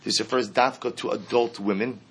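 A man giving a Talmud lesson, reading Aramaic lines and explaining them in English with lively emphasis. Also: medium pitch, moderate pace, breathy edge. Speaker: Talmud teacher. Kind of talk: Talmud class lecture.

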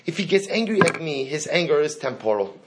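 A man with a fairly high voice leads a Talmud class. He reads each passage, then translates and explains it, and he keeps turning to his students with questions. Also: big pitch swings, brisk, background noise. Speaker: Torah teacher.

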